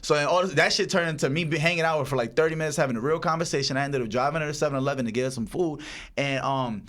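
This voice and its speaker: A young man from the Dominican Republic with a Dominican accent hosts a podcast. He tells stories in animated street slang and swears freely. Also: on the high side, rapid-fire. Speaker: podcast host. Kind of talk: casual chat, storytelling.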